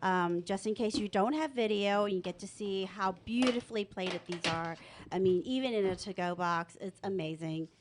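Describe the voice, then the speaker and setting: A woman's voice: mid-range voice, moderate pace, background noise. A woman co-hosting a radio food show, casually chatting and describing each bite with enthusiasm. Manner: effusive, lingering over each bite. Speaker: co-host tasting food. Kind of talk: casual food-tasting chat.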